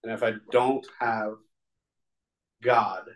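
A man's voice: lowish voice, fairly even intonation, slow pace, fairly bright tone, poor audio. Rambling, earnest man sharing his story. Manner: rambling and conversational, full of fillers; earnest and confessional. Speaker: recovery meeting speaker. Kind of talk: personal testimony at a recovery meeting.

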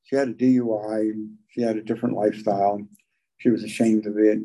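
Older man, mellow folksy storyteller. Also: fairly low pitch, level tone, fairly quick, poor audio. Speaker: recovery meeting speaker. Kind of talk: personal recovery talk.

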